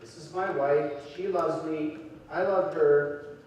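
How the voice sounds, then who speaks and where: A man voicing the slow inner thoughts of a grown husband calming himself, recorded from a distance in an echoey hall. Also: a little high, slight background noise. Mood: reasoning. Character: grown man reasoning with himself after snapping.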